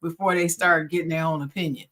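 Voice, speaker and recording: A woman's voice: on the low side, a bit bright. An older woman, a grandmother, co-hosting a podcast in casual, rambling chat. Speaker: podcast co-host.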